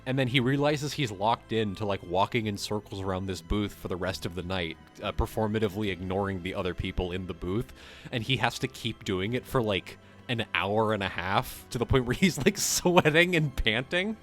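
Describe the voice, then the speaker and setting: A man co-hosting a casual livestream chat, talking in an excitable, rambling way and laughing often. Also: on the low side, moderate pace, soft background music. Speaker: co-host.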